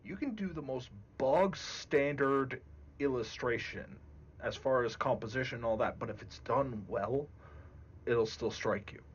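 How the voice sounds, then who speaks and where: A man speaking as a guest game master in a casual discussion, deliberate and emphatic. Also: mid-range voice, dull audio, slight background noise.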